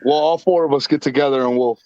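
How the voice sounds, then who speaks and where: A man's voice: mid-range voice, fairly even intonation, fast, warm tone, no room sound, lo-fi sound. A man hosting a casual podcast, telling stories and swearing freely. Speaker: podcast host. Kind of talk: casual profane banter.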